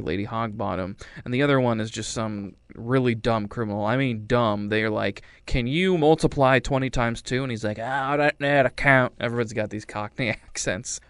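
In a dry recording, a man with a fairly low, clear and resonant voice retells a film's plot in casual chat. He's a movie reviewer who rambles with a wry streak, performing quotes in goofy voices.

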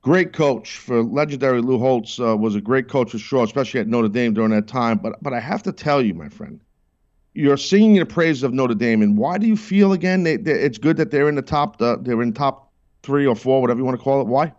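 A man's voice: mid-range voice, fairly quick, a little mellow, dull audio. A man hosting a sports talk call-in show, bantering with callers and ranting with mock indignation. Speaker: host.

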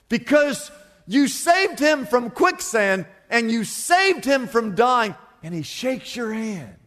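High-voiced preacher in a reverberant hall. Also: male voice, slow pace. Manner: animated storytelling preacher, acting out scenes. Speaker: pastor. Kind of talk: sermon.

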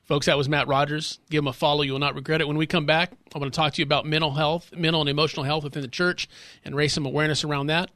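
A man's voice: a little high, flat delivery, racing, pushed and bright, no echo. A man hosting a radio talk show, effusive and enthusiastic with his guest. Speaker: radio host.

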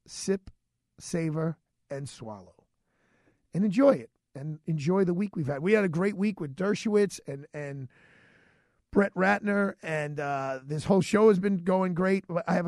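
A man hosting a radio show, telling a story in a chatty, animated way and acting out the dialogue. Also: on the high side, no room sound, studio quality. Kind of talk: casual storytelling monologue.

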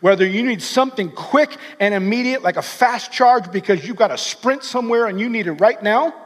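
A pastor preaching a sermon in an earnest, energetic way, often restarting his words. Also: high voice, fairly quick, big-room sound.

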